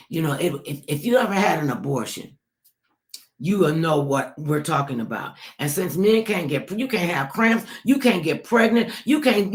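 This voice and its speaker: With a voice pitched on the low side, a female talk show host gives a forceful political monologue, addressing her audience directly and going over the same points again.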